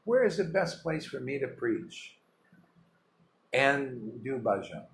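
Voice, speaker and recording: A man's voice: mid-range voice, sing-song, slow pace, a little hiss or hum. A man, a spiritual teacher, giving an informal devotional talk, emphatic and rambling, full of rhetorical questions. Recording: roomy echo with faint ambience.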